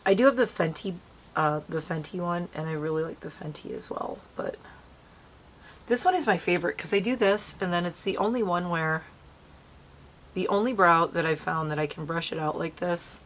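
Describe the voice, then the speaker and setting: A woman's voice: fairly low pitch, moderate pace, a bit bright, a little hiss or hum. A woman chatting casually with her viewers as she does her makeup outdoors in a light breeze. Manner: chatty, bubbly, talks to viewers while doing makeup. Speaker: beauty vlogger. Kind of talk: casual makeup tutorial chat.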